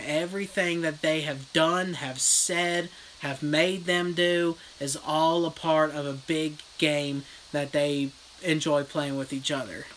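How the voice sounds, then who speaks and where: List: casual livestream rant, horror vlogger, blunt and profane, animated storytelling, mid pitch, faint hiss. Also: poor audio. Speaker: horror vlogger reading live chat.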